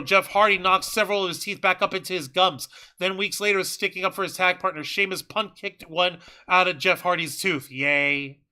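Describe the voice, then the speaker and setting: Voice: medium pitch, sharp tone. A wrestling review co-host ranting heatedly and emphatically, swearing constantly. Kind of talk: heated podcast rant.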